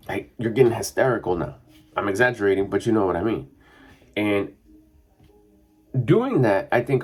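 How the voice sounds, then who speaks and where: Man, middle-aged, husky, lowish voice, casual rambling talk, lots of fillers. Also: a little mellow. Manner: rambling and conversational, with frequent fillers. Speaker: mindset coach. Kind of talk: casual monologue.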